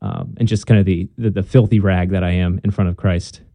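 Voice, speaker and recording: A young man talking as a guest in a casual conversation, earnest and halting, with many restarts and fillers. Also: sits low, steady tone, no echo, highs cut off.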